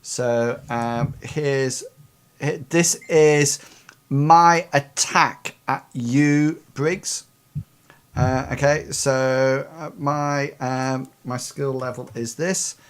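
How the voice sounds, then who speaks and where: A man serves as game master, walking his players through a fight one turn at a time. He talks in a halting way, full of fillers, at an average pitch. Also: fairly even intonation, clear, resonant tone. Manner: hesitant, many ums while explaining rules. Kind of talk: narrating a tabletop game.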